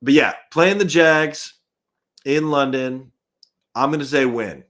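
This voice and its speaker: A man's voice: medium pitch, slow pace, fairly bright tone. A young man hosting a live fan stream in casual chat, reading viewer comments aloud, chuckling often and restarting his sentences.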